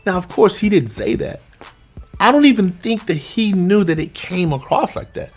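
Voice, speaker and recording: A man, a vocal coach, telling a story to his viewers in a relaxed, conversational way and acting out what others said. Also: sits high, normal speed, faint music behind. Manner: lively anecdote telling, acts out the other people's lines; relaxed, conversational, with frequent fillers. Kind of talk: casual storytelling to camera.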